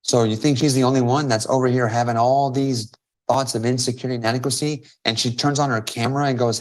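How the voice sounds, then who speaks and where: A man runs a live-stream coaching session over a video call, speaking with emphasis. He hammers his points home by repeating short phrases, in a voice of middling pitch. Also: brisk. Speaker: host and business coach.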